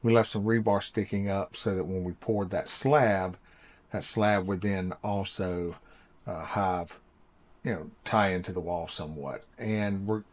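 A man's voice: deep voice, steady tone, measured pace. A middle-aged man casually narrating his construction project, plain-spoken and explaining each step as he goes. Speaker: builder and channel host.

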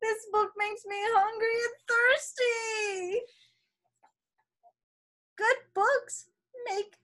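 A woman from an elementary school reading a picture book aloud to children, with playful, expressive asides and chatty comments. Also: sits high. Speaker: elementary school staff member.

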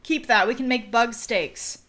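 A woman's voice: a little high, a little slow, a loud crowd. A woman streaming a game, chatting casually, giggling and thanking viewers. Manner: giggly, reads out chat thank-yous. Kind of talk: casual gaming chat. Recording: noisy stream audio with clicks.

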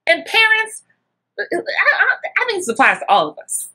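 Middle-aged woman, acting coach, lively chatty teaching voice that jumps high in acted-out bits. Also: normal speed. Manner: animated, acts out little scenes with big jumps in pitch. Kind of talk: casual coaching talk.

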